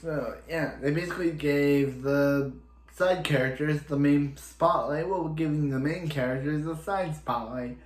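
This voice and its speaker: A man's voice: on the high side, measured pace, echoey room. A man casually recapping and reviewing a TV episode, rambling and opinionated, with lots of restarts. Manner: rambling, chatty, leans on "he's like" and restarts; openly opinionated and exasperated about a character.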